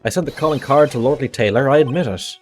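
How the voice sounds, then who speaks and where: A man's voice: medium pitch, quick pace, darkish tone, faint music behind, lightly acted. Casting: man reading a jittery young guy in a mystery game, stammers, fidgety. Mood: eager confessing. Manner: stammering, eager to confess. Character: nervous young man insisting he is a thief.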